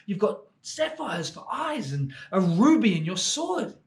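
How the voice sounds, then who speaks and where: A man voicing a small, eager male swallow in a children's story, talking high and fretful. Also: very animated, unhurried. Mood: pleading.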